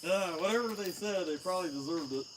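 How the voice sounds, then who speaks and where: A man's voice: high voice, quick pace, noisy background. A man from Southeast Ohio with a country Appalachian-leaning accent, chatting casually and joking with viewers while he works outdoors. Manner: folksy, joking, reads out viewer names. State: out of breath. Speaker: chainsaw carver livestreaming. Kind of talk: casual livestream chat while working. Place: outdoors at a rural carving spot.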